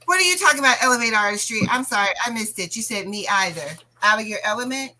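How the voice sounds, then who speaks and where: A woman hosting a casual crafting livestream, chatting to viewers in an animated, bubbly way. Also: a little high, fast talker, slight background noise, poor audio.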